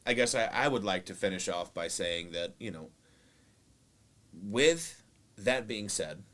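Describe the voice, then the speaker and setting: Guy cohosting a couples podcast w his partner, low voice but goes all over the place, rambles and teases. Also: expressive, a little slow, a bit bright. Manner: rambling, lots of fillers and restarts; playful teasing. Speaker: podcast co-host. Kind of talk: casual couples podcast chat.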